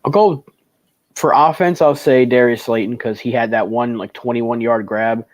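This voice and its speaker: A young man co-hosting a casual sports post-game chat, breaking into laughter as he reads out live chat comments. His voice sits at an ordinary middle pitch, and it was recorded close and dry with no room sound. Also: normal speed, no echo. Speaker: podcast co-host.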